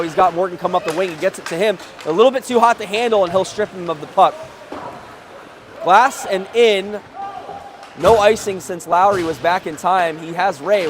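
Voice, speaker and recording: A man doing live play-by-play of a youth hockey game, with quick calls that jump up at big plays and joking asides. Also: high-pitched, a little hiss or hum. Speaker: play-by-play commentator.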